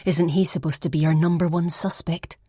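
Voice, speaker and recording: Low, husky female audiobook narrator. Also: fairly even intonation, brisk, mellow, no room sound, clean studio sound. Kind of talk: first-person audiobook narration.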